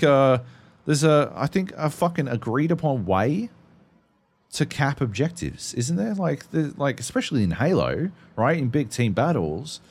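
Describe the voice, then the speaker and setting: A man's voice: on the high side, darkish tone. A man, co-hosting a podcast, telling stories in a profane, rambling, casual way. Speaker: podcast co-host. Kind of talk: casual chat.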